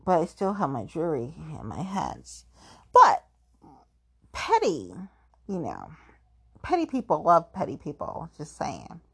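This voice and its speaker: A woman's voice: sits low, huge pitch swings, a little slow, creaky, long pauses, pushed and bright, slightly rough. A woman chatting casually, rambling and filling her talk with "like", playfully self-mocking. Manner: rambling, heavy use of "like"; playful, self-mocking about being petty. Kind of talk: casual chat.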